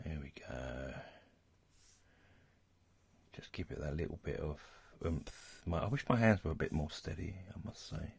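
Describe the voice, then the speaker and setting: A man's voice: deep voice, fairly quick, creaky, few pauses, breathy edge, dry recording. A man hosting a casual drawing tutorial, muttering and thinking aloud as he works. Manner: relaxed, mutters and thinks aloud while working. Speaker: art tutorial host.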